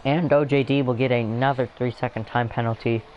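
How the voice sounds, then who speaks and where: A man giving loose, rambling commentary on a sim race at a middling pitch, chewing food between calls and apologizing for it. A faint hiss sits under his voice. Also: steady tone, fairly quick, highs cut off. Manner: rambling, self-deprecating, talks while eating. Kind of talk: casual sim racing commentary.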